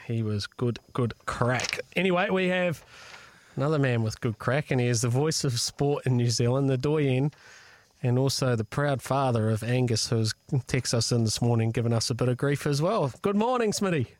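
A man's voice: mid-range voice, lively intonation, moderate pace. A man hosting a breakfast sports radio show, chatting jovially with callers and co-hosts. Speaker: radio host.

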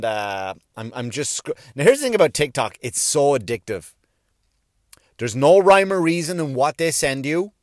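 A middle-aged Irish man telling stand-up stories, swearing freely and stumbling over his own restarts. His voice sits a touch high for a man. The sound is close and dry, with no room around it. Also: dry recording. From Ireland. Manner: rambling, profane, self-mocking, many restarts. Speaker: stand-up comedian. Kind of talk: stand-up comedy routine.

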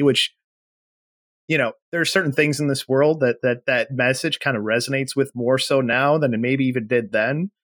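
A man co-hosting a podcast, recounting scenes with lively energy and slipping into characters' voices. His voice sits at a middle pitch and sounds close and dry, with no room around it. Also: dry recording. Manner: animated retelling, acting out character lines. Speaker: podcast co-host. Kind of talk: casual chat.

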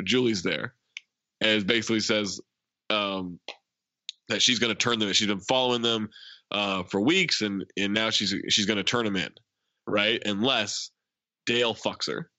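A man's voice: fairly low pitch, moderate pace, pushed and bright, dry recording, highs cut off. A man co-hosting a casual movie podcast, retelling film scenes with lots of laughter. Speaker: podcast co-host.

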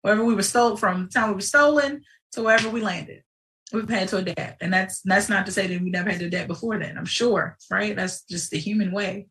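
A woman hosting a live show in casual livestream talk, animated and digressive, with sudden outbursts. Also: mid-range voice, fast, recorded from a distance, slight background noise, rough recording.

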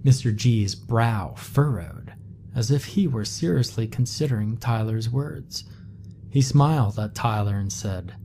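A man narrating a horror story in a slow, measured, somber scripted read. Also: medium pitch, creaky, mellow, a little hiss or hum. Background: faint music.

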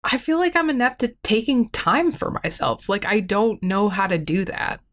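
A woman's voice: mid-range voice, very animated, normal speed, a bit bright, a little hiss or hum. A woman talking candidly and tearfully in a therapy-style conversation, rambling with frequent "like" and frequent swearing, self-critical.

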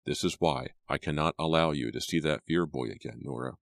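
A man's voice: rumbling low, vocal fry, no room sound, studio quality. A man doing a stern, angry father. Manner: slow, clenched, menacing. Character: stern angry middle-aged father, short and wiry.

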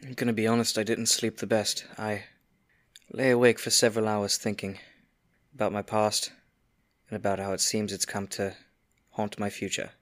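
A man's voice: on the low side, little pitch movement, normal speed, long pauses, fairly bright tone, dry recording. Man, tabletop player in character, earnest, dry sound. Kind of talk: in-character tabletop role-play.

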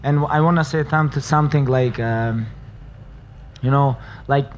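A fighter answering questions in earnest, non-native English with loose grammar. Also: male voice, medium pitch, steady tone, measured pace, highs cut off, slight background noise. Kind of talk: interview answers.

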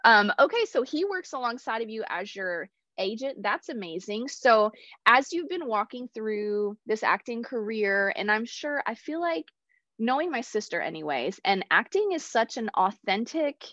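A woman's voice: a little high, lively intonation, normal speed, bright, forceful tone, no room sound, dull audio. A woman with a Texan accent hosting a casual faith podcast interview, chatty and affirming, asking long rambling questions. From Texas. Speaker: podcast host.

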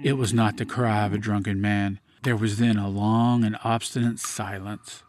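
A man giving a measured, grave dramatic reading of a classic gothic story as podcast host. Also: on the low side, steady tone, darkish tone, no room sound.

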